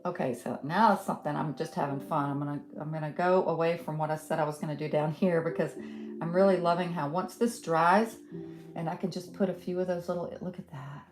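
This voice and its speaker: Chatty Southern woman with a low voice. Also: fairly even intonation, a little fast. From Western North Carolina. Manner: chatty, thinking aloud with many ums, soft laughs. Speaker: art instructor. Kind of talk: casual live painting tutorial. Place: home art studio. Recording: roomy studio with guitar music behind.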